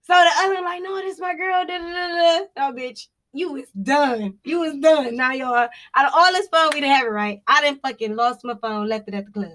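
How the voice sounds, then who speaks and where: A woman with a high-pitched voice tells a personal story on a podcast. Her tone is bright and clear, and she is loose and profane. She keeps it animated and full of laughter. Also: a little fast, hardly any pauses. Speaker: podcast co-host. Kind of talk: casual storytelling chat.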